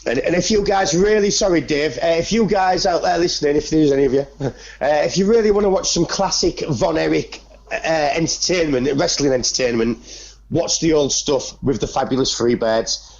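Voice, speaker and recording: A man with a gravelly voice co-hosting a casual podcast, talking loosely and straight to the listeners. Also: fairly high pitch, normal speed, a little mellow, dull audio. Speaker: podcast co-host.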